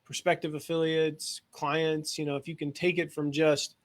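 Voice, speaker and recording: A man hosting a casual podcast interview, chatty and quick to laugh, asking long rambling questions. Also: fairly high pitch, flat delivery. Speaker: host.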